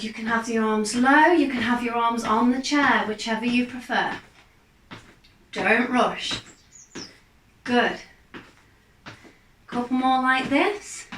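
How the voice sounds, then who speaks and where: A woman, a fitness instructor, calmly guiding a gentle exercise class with steady, encouraging cues. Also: on the high side, slight background noise. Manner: calm, encouraging, unhurried cues. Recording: echoey room, mic far off.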